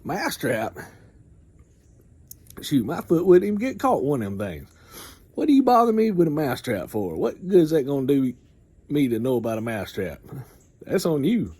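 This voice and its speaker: A big farm cow can't be bothered with the mouse and waves him off gruffly, as a man puts him on. The voice stays close to the man's own, slightly raised and husky. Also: a little high, big pitch swings, moderate pace, pauses often, mellow. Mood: dismissive.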